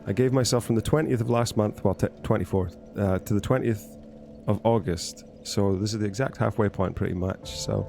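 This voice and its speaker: A man's voice: on the low side, fairly even intonation, brisk, creaky, mellow, faint music behind. A man streaming a game, chatting casually in a rambling, jokey way and often cutting himself off. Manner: rambling, self-interrupting, jokey. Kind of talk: casual gaming stream chat.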